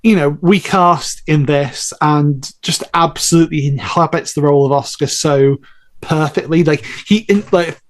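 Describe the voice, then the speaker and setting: A man's voice: on the high side, moderate pace. A man who voices a lead role, chatting casually on a podcast in a rambling, candid way, swearing now and then. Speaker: voice actor in the audio drama.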